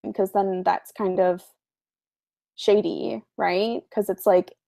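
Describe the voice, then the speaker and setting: A woman's voice: mid-range voice, vocal fry, a little mellow. A woman contestant questioning an ally in casual chat, pleading and filler-heavy. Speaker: online game contestant.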